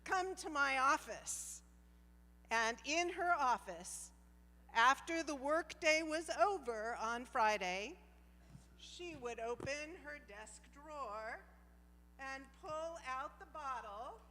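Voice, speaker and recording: A woman giving a heartfelt tribute speech at a gala, slow and deliberate, on a handheld mic. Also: high voice, lively intonation, sharp tone, a little hiss or hum. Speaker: former staff member giving a tribute. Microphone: handheld microphone. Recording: reverberant hall from a distance.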